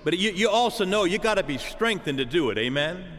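A man preaching a sermon to his congregation, animated and calling out to the church for an amen. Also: sits high, brisk, in a large hall.

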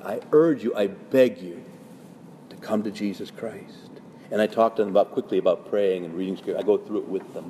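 A man preaching as a Catholic priest, urgent and pleading. His voice is warm and mellow, and it jumps up in pitch and volume when he presses a point. A faint hiss of noise sits underneath. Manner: urgent and pleading, with sudden rises in pitch and loudness; acts out quoted parishioners in their voices. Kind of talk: sermon-style teaching talk.

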